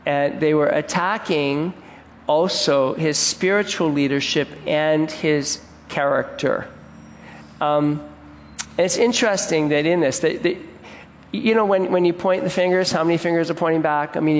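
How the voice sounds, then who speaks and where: An earnest male pastor delivering a sermon in a conversational way, often restarting his words mid-thought. His voice sits a touch high for a man. It rings out with a long reverb in a large hall. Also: slight background noise. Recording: echoey hall.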